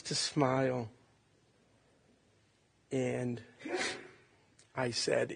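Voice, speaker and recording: A man in his late sixties from Ohio, a son giving a halting, tender eulogy at a funeral. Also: mid-range voice, vocal fry, a little hiss or hum. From Cleveland, Ohio. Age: 60s. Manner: halting, reflective, tender storytelling.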